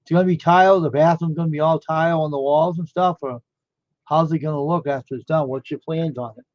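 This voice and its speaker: A man's voice: a little high, steady tone, brisk, no echo. Rambling, amazed man with a dull lo-fi sound. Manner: rambling, amazed, asking many questions. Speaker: live streamer. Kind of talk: casual live-stream chat.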